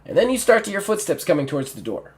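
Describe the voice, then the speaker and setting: Animated male game master narrating. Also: high voice, fast talker. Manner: animated, loose descriptive narration.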